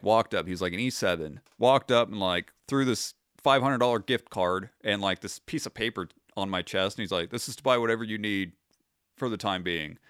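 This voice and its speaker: A man's voice: mid-range voice, a bit bright, clear, resonant tone, no room sound, studio quality. A man in his thirties, a retired Army sergeant, recounting his experiences as a podcast guest in a casual, wry and profane way, acting out his own past remarks. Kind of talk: casual storytelling interview.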